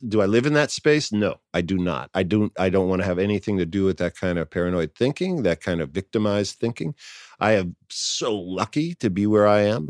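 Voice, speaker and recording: A man's voice: on the low side, a little mellow, no room sound, studio quality. A man in his sixties from New York City, a guest in a casual interview, talking in a reflective, thoughtful way. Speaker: actor guest.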